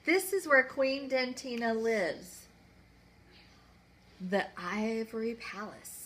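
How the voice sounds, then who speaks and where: A woman's voice: fairly high pitch, takes it slowly, a little hiss or hum. A woman voicing a small, timid and tearful girl fairy in a storybook reading. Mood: welcoming. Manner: soft, tearful, sweet.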